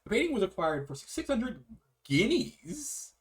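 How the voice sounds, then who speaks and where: A man's voice: high voice, unhurried. A man co-hosting a casual art history chat, reading aloud with restarts and swearing. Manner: animated, swears, trails off mid-sentence.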